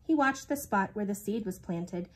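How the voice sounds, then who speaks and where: Woman reading a picture book aloud; lively, sing-song, breathy voice. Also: mid-range voice, moderate pace, poor audio. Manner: expressive, sing-song storytelling. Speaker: reader. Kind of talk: storybook read-aloud.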